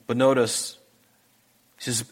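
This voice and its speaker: A male pastor preaching to his congregation in an earnest, emphatic way. His voice sits at an ordinary middle pitch, and he pushes his points home with pleading, rising questions. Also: flat delivery, takes it slowly, husky. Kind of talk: sermon. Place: church hall with a congregation.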